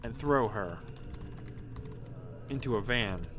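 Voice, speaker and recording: A man streaming himself reading an AI text game aloud, mostly deadpan but breaking into laughter. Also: medium pitch, slow pace, slight background noise.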